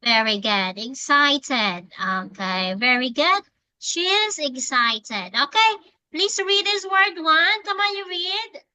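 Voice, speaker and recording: Woman teacher, bright high voice, dry close sound, unhurried coaxing delivery for a kid's lesson. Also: lively intonation, no room sound, low-quality recording. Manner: patient, coaxing, repeats prompts. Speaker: English teacher. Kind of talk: one-on-one lesson with a child.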